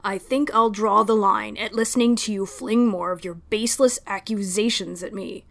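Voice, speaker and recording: A woman voicing a weary male detective inspector in a storybook reading, talking dryly and then quietly and evenly when angry. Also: medium pitch, moderate pace, gravelly. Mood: cold. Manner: dry, then quietly cold and even.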